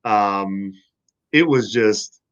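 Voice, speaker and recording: A man, a former football player, telling stories in a casual podcast chat, animated and profane. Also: lowish voice, very slow, lo-fi sound.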